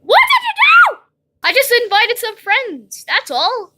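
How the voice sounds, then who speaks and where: Woman playing a bossy wife, scolding, high lively voice. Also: measured pace, raised voice, very noisy, exaggerated voice. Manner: exasperated, scolding.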